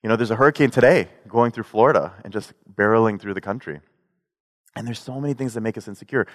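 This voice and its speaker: A man giving a sermon in a relaxed, conversational way, mixing in jokes and personal stories. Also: fairly low pitch, fast. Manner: conversational, joking storytelling. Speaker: pastor. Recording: long hall reverb.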